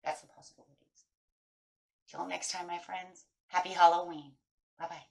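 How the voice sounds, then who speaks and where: A woman's voice: fairly low pitch, steady tone, moderate pace, gravelly, a little mellow. A middle-aged woman giving a chatty, casual tarot reading, breaking into anxious inner voices. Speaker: tarot reader.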